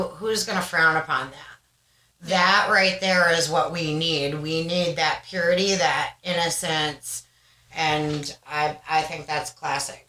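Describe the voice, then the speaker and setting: A woman in her thirties co-hosts a casual podcast. Her voice is bright and a touch low, and she tells stories in a chatty, animated way. The room leaves a clear echo around her. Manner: chatty storyteller, animated and reflective. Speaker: podcast co-host. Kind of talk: casual chat. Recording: roomy echo.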